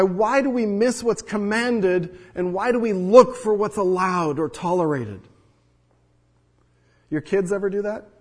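A man preaching a sermon as pastor, teaching earnestly, asking rhetorical questions and speaking to the congregation directly. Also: high voice. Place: church hall with congregation. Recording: long hall reverb.

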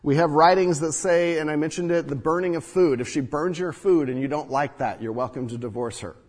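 A man delivers a sermon with a slightly higher-than-average, husky voice. He teaches earnestly and poses rhetorical questions to the congregation. His words ring out with a long reverb off the walls of a large church hall. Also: a little fast. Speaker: pastor.

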